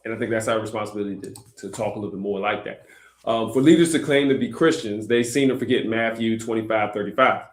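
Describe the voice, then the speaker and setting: A man's voice: lowish voice, quick pace, echoey room. A man hosting a Christian discussion show, talking earnestly with many fillers and restarts. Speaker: host.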